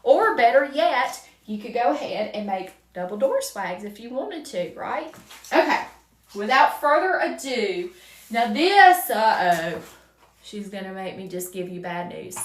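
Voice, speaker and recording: A woman with a North Carolina Southern accent hosting a live crafting stream, chatting warmly with viewers by name as she works. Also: mid-range voice, expressive, unhurried, reverberant, recorded from a distance. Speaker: livestream craft host.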